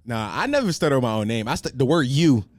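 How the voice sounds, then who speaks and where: A man's voice: mid-range voice, very animated, quick pace, no echo. A man hosting a podcast, chatting casually and teasing his guest with jokes, with a slight stutter he admits to. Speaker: podcast host. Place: Philadelphia.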